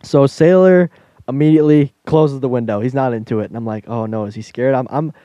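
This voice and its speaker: Male podcaster, animated storyteller, warm low-key timbre, dry sound. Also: a little fast, no echo, lo-fi sound. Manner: animated storyteller, laughs while telling, acts out voices. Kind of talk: casual storytelling chat.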